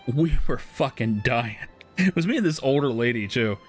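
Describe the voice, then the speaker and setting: A man's voice: mid-range voice, lively intonation, moderate pace, faint music behind. A man streaming a game, casually telling a story with frequent laughs and swearing. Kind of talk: casual storytelling while gaming.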